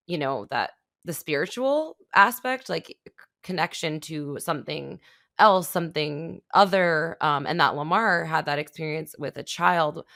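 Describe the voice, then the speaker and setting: Woman, podcast host, young adult, animated, slightly low voice, dry close mic. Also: creaky, no room sound. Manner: animated storytelling, with laughs and acted-out quotes. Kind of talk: conversational interview.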